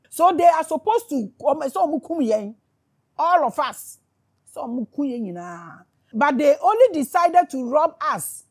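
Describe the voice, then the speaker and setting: A woman's voice: a little high, darkish tone, slightly rough. A woman speaks to her viewers as a spiritual commentator, in a fervent, sarcastic monologue full of repeated questions. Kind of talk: impassioned monologue to camera.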